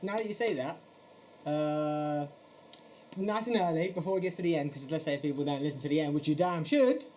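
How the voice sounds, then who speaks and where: Teasing woman co-host, warm voice, slight background noise. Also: low voice, fairly quick. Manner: teasing, laughs often. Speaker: podcast co-host. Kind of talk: casual chat.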